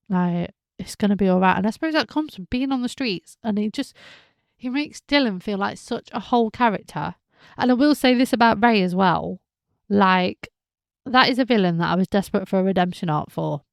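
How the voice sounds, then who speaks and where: Female podcast host, casual soap recap, animated, slips into characters' voices; slight fry, dry close mic. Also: mid-range voice, no room sound. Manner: chatty, animated, acts out characters' lines.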